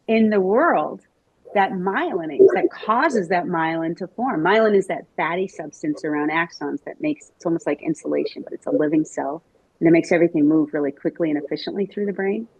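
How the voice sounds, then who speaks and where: A middle-aged woman giving a lively conference talk to educators, chatting with the audience and asking them questions. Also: medium pitch, husky, no echo, muffled recording. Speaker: Montessori teacher trainer giving a talk.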